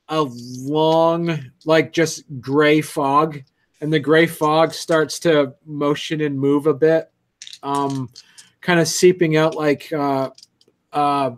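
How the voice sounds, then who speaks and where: A man narrating a tabletop game as game master, hesitant, with many ums and restarts. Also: on the high side.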